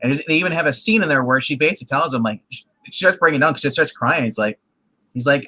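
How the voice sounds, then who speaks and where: A man's voice: a little high, fast, sharp tone, rough recording. A man co-hosting a casual TV review chat, rambling with lots of fillers and restarts. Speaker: co-host reviewing a TV show.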